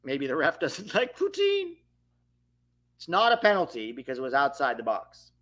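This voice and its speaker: A young man calls the match live for his watch-along audience, swearing at the referee when riled. His voice runs a little high and swoops all over, with a bright, sharp edge. The recording is close and dry. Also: wildly swooping pitch, moderate pace, dry recording.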